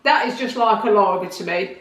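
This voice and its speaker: A woman's voice: mid-range voice, a little fast, far from the mic. A slightly tipsy woman chatting beside her partner, dry and blunt with her opinions. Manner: dry, blunt, matter-of-fact. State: a bit tipsy. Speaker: co-host, the host's partner. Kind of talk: casual chat. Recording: off-mic in a roomy echo.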